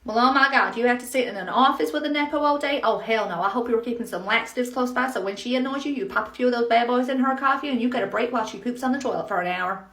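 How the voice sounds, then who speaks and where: A woman playing a loud, bossy Southern American nursery manager with a slow drawl, in a roomy-sounding space. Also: on the high side. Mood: brash.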